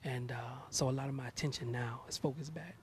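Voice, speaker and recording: A man in his thirties, a gospel artist talking in a casual interview, animated and preachy, often repeating words as he starts sentences. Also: mid-range voice, fast, a little hiss or hum.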